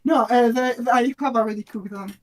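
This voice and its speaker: A woman's voice: a little high, brisk, background noise. Hesitant woman cooking on stream. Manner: hesitant, many uhs. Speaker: guest cooking dumplings on stream. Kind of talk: casual livestream chat.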